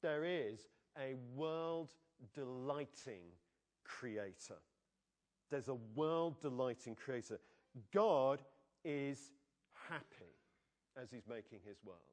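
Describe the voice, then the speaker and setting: Speaking slowly and pausing often, a medium-pitched man preaches in a church. His style is lively and conversational, with frequent questions directed at the congregation.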